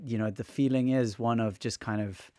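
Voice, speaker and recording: A weary man talks to viewers on a livestream, his throat sounding raw from fatigue. He is open and emotional, and he rambles and restarts as he thinks aloud. His voice sits at an ordinary middle pitch, recorded close in a dry room. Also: fairly even intonation, moderate pace, a little mellow, no room sound. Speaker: livestreamer and musician. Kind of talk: casual livestream chat.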